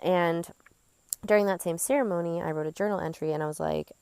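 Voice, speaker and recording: Young woman, podcast host, personal storytelling, candid, chatty, smooth voice, dry close sound. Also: lowish voice, a little fast, dark tone, dry recording. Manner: candid, chatty, full of fillers like "like" and "you know".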